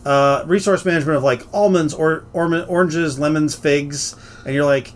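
A man's voice: a little high, moderate pace. A man hosting a casual podcast chat, rambling along with plenty of fillers and restarts. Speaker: game store podcast host.

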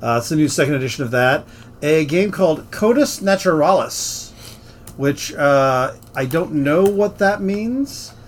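A man's voice: on the high side, expressive, a little slow. A man hosting a casual podcast chat, rambling along with plenty of fillers and restarts. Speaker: game store podcast host.

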